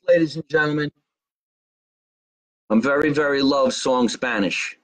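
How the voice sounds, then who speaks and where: A middle-aged man with a New Jersey accent, a comedian from Jersey City, chatting casually on a live stream and reading out fan comments in a brash, profane, joking way. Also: mid-range voice. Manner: brash, profane, jokey, slows down to spell out contact details.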